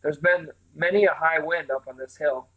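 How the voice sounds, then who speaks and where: A man reading calm, brisk Mrs Murray. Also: fairly high pitch, low-quality recording. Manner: calm, light. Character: calm mother, brisk and reassuring.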